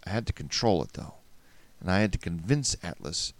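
A man narrating a first-person story in a wry, measured way. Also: sits low, lively intonation, vocal fry, no room sound.

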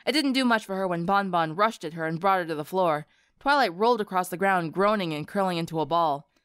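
A woman narrating a story for an audiobook in an expressive storytelling manner. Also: lowish voice, fairly quick, clean tone, no room sound, studio quality. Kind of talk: audiobook narration of fan fiction.

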